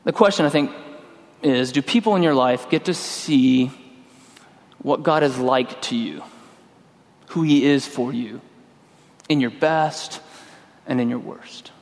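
A middle-aged man preaching a sermon in a relaxed, conversational way, telling a personal story and acting out his own lines. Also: mid-range voice, slow, long pauses. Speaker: pastor. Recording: long hall reverb.

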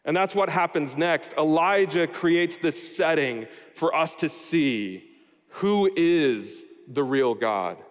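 A man's voice: a little high, animated, slow pace. A man preaching a sermon, explaining a scripture passage verse by verse and adding wry everyday asides. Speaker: pastor. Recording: long hall reverb.

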